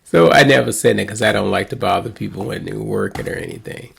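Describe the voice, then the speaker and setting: A man's voice: lowish voice, fast talker, gravelly, slight background noise. A middle-aged man, a pastor, casually telling a rambling story with chuckles and restarts. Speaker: pastor and host.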